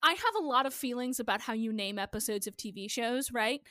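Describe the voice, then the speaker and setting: High bright-voiced woman, swearing. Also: expressive, fairly quick, no room sound, studio quality. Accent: Midwestern US. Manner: passionate, swears a lot, ranting. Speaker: podcast co-host. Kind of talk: casual chat.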